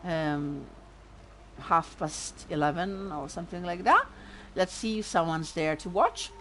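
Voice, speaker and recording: A woman streaming a video game, chatting casually in a halting way and laughing easily. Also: fairly low pitch, expressive, sharp tone, a little hiss or hum. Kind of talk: casual gameplay commentary.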